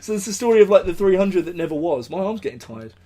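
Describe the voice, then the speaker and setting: A man with an English accent hosting a casual live podcast, rambling through stories with lots of swearing and sudden shouted speeches. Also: sits high, expressive, fast talker, slight background noise. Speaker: podcast host. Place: indoors, recording live.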